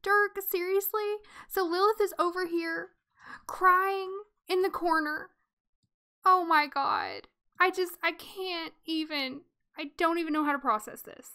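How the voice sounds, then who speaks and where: Bright-voiced woman giving emotional game commentary. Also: very high-pitched, fairly even intonation, unhurried. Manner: emotional, dramatic reactions, talks to viewers. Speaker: let's play host. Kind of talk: casual gameplay commentary.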